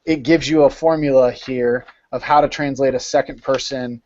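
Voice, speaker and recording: A man's voice: mid-range voice, steady tone, normal speed, darkish tone, dull audio. A man leading an informal study session over a video call, explaining step by step and repeating words as he thinks.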